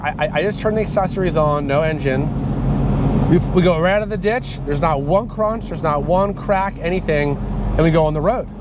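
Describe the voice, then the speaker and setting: A man casually telling a story about a car crash, rambling with lots of "like" and "I'm like". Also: on the high side. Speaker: car channel host. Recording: loud outdoor noise.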